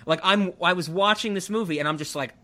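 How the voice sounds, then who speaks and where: A man with a somewhat raised pitch chats casually about a film he loves. He rambles with many restarts and bursts of excitement. It sounds like an easygoing podcast conversation. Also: fast. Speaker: podcast co-host. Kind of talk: casual movie review chat.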